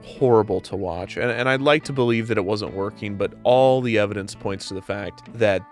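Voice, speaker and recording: A man's voice: fairly low pitch, brisk, soft background music. A man hosting a comedic commentary show, ranting in an exasperated, sarcastic way.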